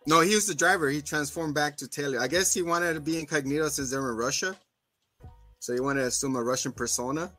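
Podcast co-host, male, bright tone, lively recap style with faint music behind. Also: on the high side, quick pace. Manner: animated retelling, acting out characters' lines. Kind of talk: casual recap chat.

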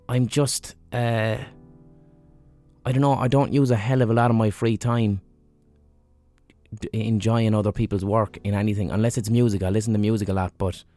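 Sick and feverish, he talks off the cuff on his podcast, profane, blunt and meandering. The voice is lowish and warm, captured in a dry recording.

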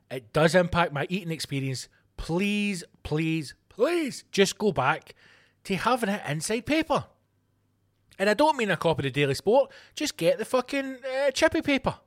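A Scottish man hosting a podcast, reading news items aloud and ranting about them in a sweary, exasperated way. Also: on the high side. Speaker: podcast host.

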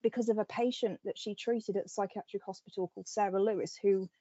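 A woman podcast host in casual chat, retelling a story with animated energy and plenty of fillers. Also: mid-range voice, fast talker, slightly rough, no room sound, lo-fi sound.

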